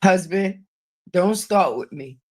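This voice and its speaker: A woman's voice: on the low side, animated, takes it slowly. A middle-aged woman giving casual live-stream commentary, brash and profane, laughing often at her own jokes.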